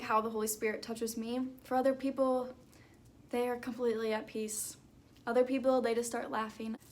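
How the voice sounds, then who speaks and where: A young woman vlogger talking earnestly about her faith in a chatty, casual way, with lots of fillers. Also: fairly high pitch. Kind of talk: casual talk to camera.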